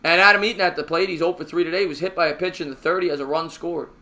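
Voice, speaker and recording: A man hosts a live stream with fan play-by-play of a baseball game, talking very fast. He's chatty, answers viewer comments between pitches, and gets excited and louder on big plays.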